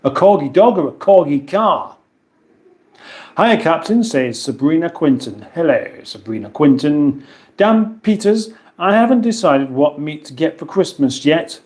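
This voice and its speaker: A man's voice: on the high side, animated, measured pace, a little mellow. A man with an English accent hosting a casual live stream from his kitchen, reading viewer comments aloud with dry, playful banter. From England. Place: home kitchen.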